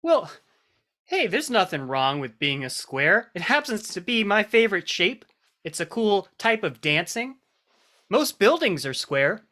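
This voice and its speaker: An earnest 1950s square of a teen boy, all wholesome puns, played by a man. His voice is bright and bouncy, swinging from high to low as he argues in a live improv comedy scene. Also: measured pace, full character voice. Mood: indignant. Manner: wholesome, punning, lively.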